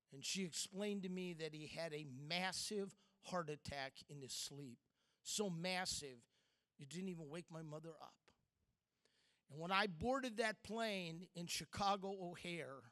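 A middle-aged man giving a sermon, telling a personal story with dramatic pauses and swings from loud to hushed. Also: sits high. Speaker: speaker.

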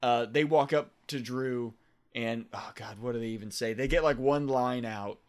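A man's voice: mid-range voice, moderate pace. A man co-hosting a podcast, recapping a TV episode in rambling, laughing casual chat and acting out bits of dialogue. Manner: rambling, laughs often, acts out lines.

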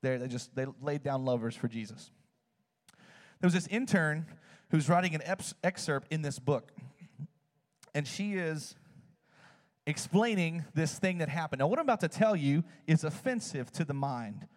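Guy preaching, tells stories all animated, voice a bit high, echoey hall. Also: normal speed, pauses often. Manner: animated storytelling, swings high when excited. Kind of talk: sermon.

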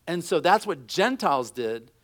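A man's voice: a little high, very animated, moderate pace, fairly bright tone. A middle-aged man preaching a sermon, telling stories and acting out quotes in a conversational way. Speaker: pastor.

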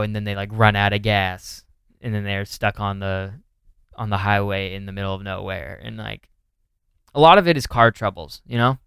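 Rambling young man, smooth low voice. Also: moderate pace, fairly bright tone, no echo, clean studio sound. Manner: rambling, filler-heavy, trails off mid-sentence. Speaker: podcast co-host. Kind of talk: casual chat.

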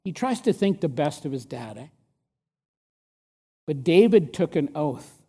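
A man preaching a sermon, emphatic and asking the listeners rhetorical questions, sometimes dropping to a hush for stress. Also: a little high, very animated, unhurried, breathy edge.

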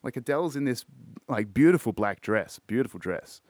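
A man's voice: mid-range voice, expressive, normal speed, a little mellow, no echo. A man hosting a casual music podcast, rambling and swearing often, full of fillers and restarts. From Australia. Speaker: podcast host.

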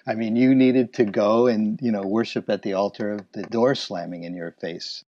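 A man's voice: fairly low pitch, moderate pace, dry recording. Storytelling man, dry dull recording. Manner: animated, acts out remembered dialogue. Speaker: interviewee, illustration business owner. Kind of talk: reflective storytelling.

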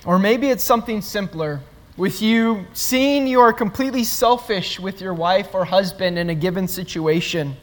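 Pastor delivering a sermon, earnest and emphatic, mid-pitched voice ringing with long hall reverb. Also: normal speed. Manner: earnest, repetitive emphatic phrasing.

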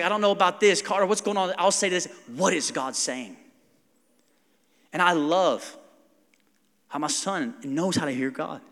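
A man, a pastor preaching a conversational, animated sermon and acting out quotes. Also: sits high, big-room sound.

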